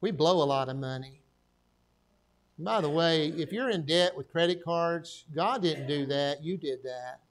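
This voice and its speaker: A man's voice: a little high, a little slow. An older man, a pastor preaching a folksy sermon and telling stories with jokes and asides. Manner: folksy, joking storyteller with frequent asides.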